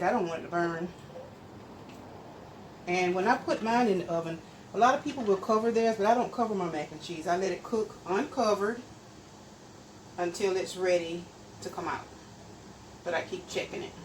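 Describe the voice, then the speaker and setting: A woman hosting a casual cooking demonstration, chatting straight to her viewers and explaining each step as she stirs and measures. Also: medium pitch. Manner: explains steps while stirring and measuring. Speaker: home cook and channel host. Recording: steady background noise.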